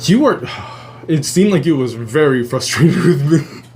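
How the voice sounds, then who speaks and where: A man's voice: a little high, measured pace, soft background music. Swearing man rambling through a story. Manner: heavy casual swearing; animated, rambling retelling with restarts. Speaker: livestream host. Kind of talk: casual storytelling on a live stream.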